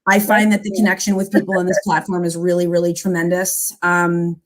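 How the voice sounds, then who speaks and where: A woman's voice: lowish voice, flat delivery, brisk, rough recording. A woman in her forties hosting a casual live-stream chat over a video call, earnest and reading viewer comments aloud. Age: 40s. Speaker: live show host.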